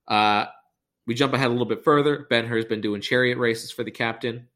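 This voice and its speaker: Bright-voiced man doing a sarcastic film recap. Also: medium pitch, fairly even intonation, fairly quick. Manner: rambling, sarcastic, profane.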